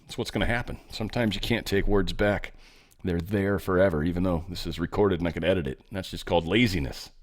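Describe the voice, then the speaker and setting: A man's voice: low voice, fairly even intonation, fast. A man hosting his own show, reading news stories aloud and riffing on them in a rambling, sarcastic way with profane asides. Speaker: podcast host. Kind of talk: casual news commentary monologue.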